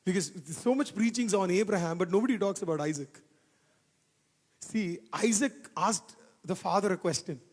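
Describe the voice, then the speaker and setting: With fervent repetition driving home each point, a pastor preaches a sermon in a high, ringing male voice at a moderate pace. His tone is darkish, and the long reverb of a large church hall trails every line.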